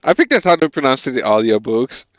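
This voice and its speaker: A man's voice: medium pitch, sing-song, quick pace, no echo, lo-fi sound, soft background music. A man with a Dutch accent, a native Dutch speaker, thinking aloud as he codes and chatting with viewers on a casual live stream.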